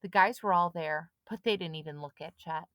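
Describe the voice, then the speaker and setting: A woman reading a children's storybook aloud with steady, dramatic pacing. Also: fairly low pitch, moderate pace, no echo. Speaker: audiobook reader. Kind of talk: storybook narration.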